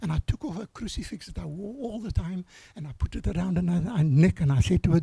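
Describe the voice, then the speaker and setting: An older man, hoarse from years of choir singing, giving an earnest, halting eulogy for his granddaughter at a memorial service. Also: high-pitched, warm tone, dry recording.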